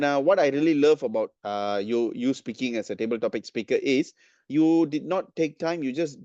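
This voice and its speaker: A man's voice: mid-range voice, a little mellow, dry recording. Man, speech evaluator, hesitant with lots of fillers, muffled dull audio, dry sound. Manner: hesitant, many fillers and restarts. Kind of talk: giving spoken feedback at a club meeting.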